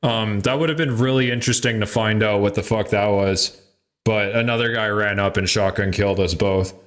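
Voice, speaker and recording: A man's voice: fairly low pitch, steady tone, fairly quick, fairly bright tone. A man hosting a podcast in casual chat, loose and profane, laughing often. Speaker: podcast host.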